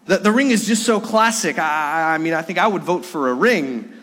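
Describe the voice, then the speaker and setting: A preacher doing a German-accented basketball star. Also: male voice, fairly high pitch, lively intonation, fairly quick, fairly bright tone. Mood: amused. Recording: reverberant church hall.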